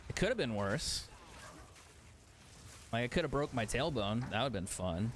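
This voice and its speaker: A man's voice: mid-range voice, big pitch swings, normal speed, slight background noise. A man streaming a video game, chatting casually, swearing often and laughing at himself. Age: adult. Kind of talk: casual chat while gaming.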